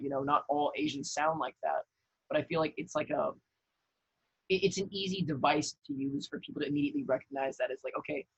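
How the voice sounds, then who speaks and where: Male podcast guest, slightly high, husky tone, relaxed and candid, dry studio sound. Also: no echo, low-quality recording. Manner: relaxed, thoughtful, swears casually. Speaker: podcast guest, actor and content creator. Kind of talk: casual conversation.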